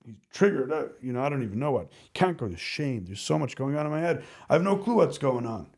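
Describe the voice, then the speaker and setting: Guy on a podcast telling a personal story, all animated, keeps restarting his sentences. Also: mid-range voice, fast talker, vocal fry. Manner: animated, rambling, self-interrupting. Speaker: podcast guest. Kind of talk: candid conversational storytelling.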